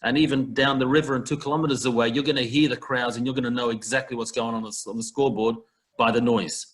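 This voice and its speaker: A man's voice: mid-range voice, fairly even intonation, fast, fairly bright tone. A man teaching a Talmud passage in an online class, talking it through in a conversational way with everyday comparisons, heard over a video call. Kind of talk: online text study class.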